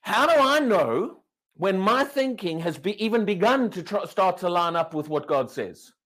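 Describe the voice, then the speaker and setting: Animated preacher with lively pitch. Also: male voice, moderate pace. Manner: emphatic, repeats and restarts words, asks the congregation questions. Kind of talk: sermon.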